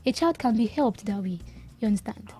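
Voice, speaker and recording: A woman's voice: on the high side, lively intonation, fairly quick, warm tone. A woman from Nigeria, a speech and language pathologist, explaining as a radio guest and repeating key advice with emphasis.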